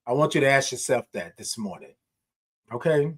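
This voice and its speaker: Hosting a live morning show, a middle-aged man speaks in a mid-range voice at a moderate pace. His style is lively and preacherly, with repeated phrases and viewer comments read aloud.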